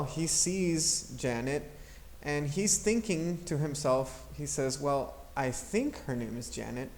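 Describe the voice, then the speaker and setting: A man teaching an English grammar lesson, explaining patiently and modeling intonation aloud. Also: fairly high pitch.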